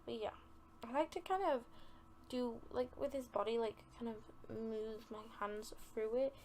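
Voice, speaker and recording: A woman's voice: on the high side, moderate pace, a little mellow, slight background noise. A young woman hosting a casual podcast, chatting and rambling with lots of filler words and giggles. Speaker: podcast host.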